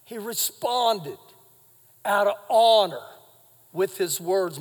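A man preaching live in a church hall, his voice very high for a man and ringing with long reverb. He swings from shouting to hushed, confiding retellings of scripture. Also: expressive, takes it slowly, pauses often. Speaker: pastor. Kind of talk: sermon. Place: church sanctuary.

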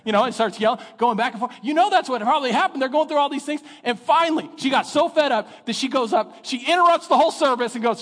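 A middle-aged man preaching a sermon as pastor, telling stories in an animated way and acting out the voices of the people in them. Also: extremely high pitch, fast talker, hardly any pauses. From Texas. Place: church sanctuary. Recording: long reverb of a church hall.

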